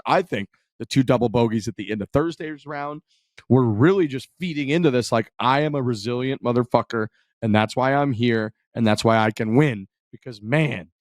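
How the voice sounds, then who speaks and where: A male podcast co-host at an ordinary middle pitch, recorded dry and close. He talks in an excited, profane, rambling way, piling one thought onto the next. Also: dry recording. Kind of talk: casual chat.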